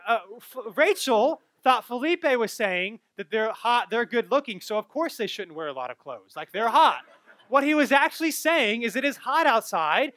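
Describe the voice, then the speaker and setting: A young adult man giving a sermon as a pastor, telling stories in an animated way that rises and gets louder at the punchlines. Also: extremely high pitch, no echo. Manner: animated storytelling, rising loud at punchlines.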